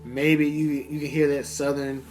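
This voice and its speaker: A man from the American South co-hosting a podcast, joking around with many fillers and quick laughs. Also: a little high, flat delivery, soft background music. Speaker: podcast co-host. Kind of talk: casual chat.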